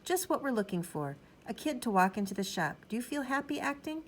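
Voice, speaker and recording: A brisk, upbeat film crew member from a children's storybook, asking quick eager questions in a lifted voice. A woman voices the part lightly while reading. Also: fairly high pitch, sing-song, pitched above the performer's own voice.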